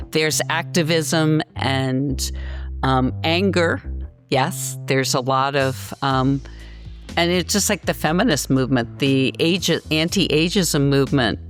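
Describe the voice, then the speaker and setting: Speaking slowly in a low-pitched voice, a Virginia woman in her sixties guests on a podcast, telling stories with blunt passion and animation. Faint music plays behind her during the candid interview.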